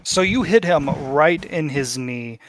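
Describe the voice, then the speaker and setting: A man's voice: a little high, lively intonation, measured pace, dry recording. A man narrating as game master in a tabletop game. He is casual and swears freely. His voice sounds dry and close to the mic.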